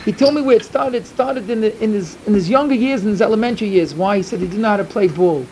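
A middle-aged man giving an emphatic storytelling sermon to a yeshiva, repeating his points and swinging from loud to hushed. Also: high-pitched, quick pace, slight background noise, low-quality recording. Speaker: yeshiva speaker.

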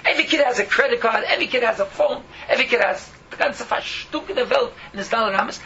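A man's voice: extremely high pitch, fast talker, few pauses, pushed and bright, dull audio, a little hiss or hum. A man preaching an impassioned sermon, pleading and fiery, weaving Yiddish and Hebrew words into his English.

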